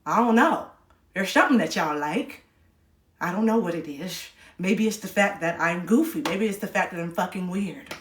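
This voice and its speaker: A woman's voice: on the low side, lively intonation, moderate pace, slight background noise. A woman hosting a live stream, giving motivational talk in a candid, emphatic way and swearing freely. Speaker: livestream host. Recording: echoey room.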